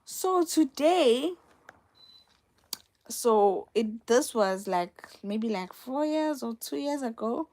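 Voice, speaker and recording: A woman's voice: a little high, expressive, slow pace, darkish tone. A young woman hosting a casual live stream from her phone, talking straight to viewers and repeating herself for emphasis. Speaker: livestream host.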